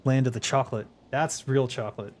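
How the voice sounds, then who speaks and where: A man chatting casually during a gaming stream, laid-back and quick to laugh, with the odd swear word. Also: medium pitch, fairly even intonation, slight background noise. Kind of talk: casual chat while gaming.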